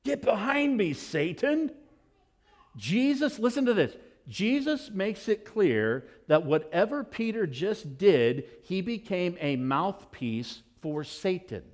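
A man preaching a sermon as pastor, telling the story in an animated, expressive way. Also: high voice, slow, few pauses.

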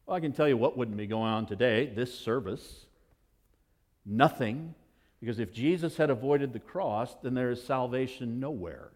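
A man preaching a sermon as pastor, telling the story in an animated, expressive way. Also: medium pitch, normal speed.

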